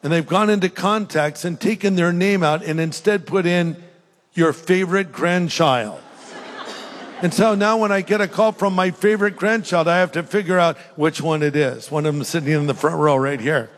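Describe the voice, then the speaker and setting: A man's voice: a little high, moderate pace, a little hiss or hum. An older man preaching an earnest sermon as pastor, rising to fervent emphasis. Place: large church hall. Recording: long hall reverb.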